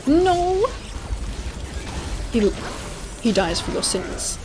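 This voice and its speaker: A woman's voice: medium pitch, normal speed, noisy background. A woman streaming games, reacting with lots of swearing and laughter in casual commentary. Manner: excitable, swears and laughs a lot. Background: game music.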